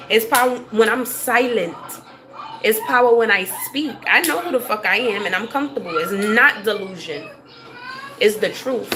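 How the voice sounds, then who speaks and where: A woman talks straight to her livestream chat in a blunt, profane rant, laughing now and then. Her voice sits at an ordinary middle pitch. Steady background noise runs under her throughout.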